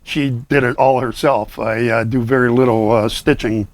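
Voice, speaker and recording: An older man who works as Santa chats casually as a guest, his medium-pitched voice fairly even and unhurried at a normal pace. His speech is full of fillers and restarts, and there's no echo on the recording.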